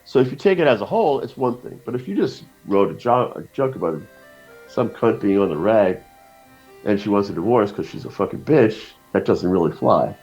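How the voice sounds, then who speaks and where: A man in a casual podcast conversation, a profane, rambling storyteller who throws in lively quoted voices. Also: fairly low pitch, fairly quick, slightly rough, soft background music. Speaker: guest cartoonist. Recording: dull lo-fi podcast audio.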